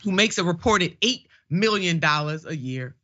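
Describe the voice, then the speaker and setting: Folksy fired-up woman host, punchy bright voice, kinda muffled audio. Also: fairly low pitch, expressive, normal speed. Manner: emphatic, preacher-like, folksy. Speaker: show host. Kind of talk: political commentary.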